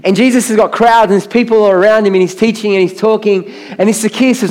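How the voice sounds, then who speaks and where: A man preaching a sermon from a church stage, telling Bible stories with lively acted-out voices. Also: high voice, fairly quick. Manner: animated storytelling, acting out Bible characters' voices. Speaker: pastor.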